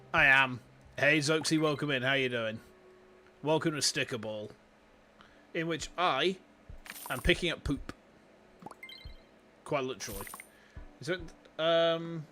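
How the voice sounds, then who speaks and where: A chatty man with a Yorkshire accent, talking through a game on a livestream with a slightly raised pitch. He gets excitable and swears freely as he greets his chat. Faint music plays underneath. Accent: Yorkshire English. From Yorkshire, England. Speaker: streamer. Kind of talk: casual gaming livestream commentary. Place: warm room at home with fans running.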